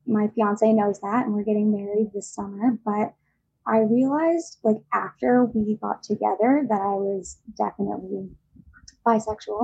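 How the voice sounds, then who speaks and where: A woman's voice: mid-range voice, darkish tone, highs cut off, slight background noise. A woman calling in to a podcast over a video call, hesitant and full of ums. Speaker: caller.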